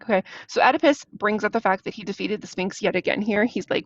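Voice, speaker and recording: A woman's voice: medium pitch, quick pace, few pauses, no echo. A woman explaining a play as she reads it aloud, in a casual, slangy, chatty way. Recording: dull, dry lo-fi recording.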